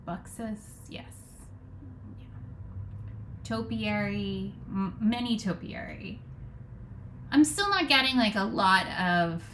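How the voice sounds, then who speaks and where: A woman's voice: medium pitch, fairly bright tone, slight background noise. A woman talking through garden design ideas as a vlogger, thinking aloud with frank opinions and frequent restarts. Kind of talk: casual rambling commentary.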